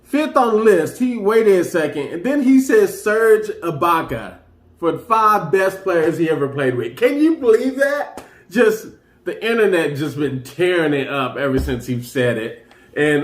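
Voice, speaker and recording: A man's voice: on the high side, fairly bright tone, reverberant. A man hosting a casual sports talk show, rambling loosely and getting hyped as he runs through the news. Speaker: sports commentary host.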